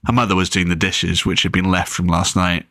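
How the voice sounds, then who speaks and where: A man narrating a chapter of his own novel as an audiobook, relaxed and with occasional slips. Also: low-pitched, a little fast, no echo, clean studio sound.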